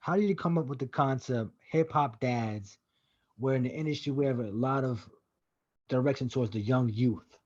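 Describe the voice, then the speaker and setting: Husky male podcast interviewer. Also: mid-range voice, moderate pace, a little mellow. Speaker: podcast co-host. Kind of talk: interview questions. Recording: muffled lo-fi recording.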